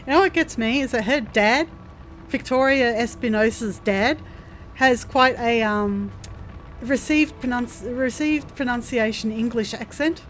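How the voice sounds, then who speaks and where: A woman's voice: fairly high pitch, measured pace, fairly bright tone. Chatty woman streamer explaining a game. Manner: chatty, thinks aloud, explains game mechanics. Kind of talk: casual gameplay commentary.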